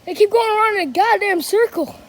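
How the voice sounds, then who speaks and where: A woman vlogging while she plays hide and seek outside, out of breath, talking in hushed, jumpy bursts with loud exclamations, recorded on a handheld phone. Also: very high-pitched, animated, brisk. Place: outdoors in a thunderstorm at night. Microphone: handheld phone camera.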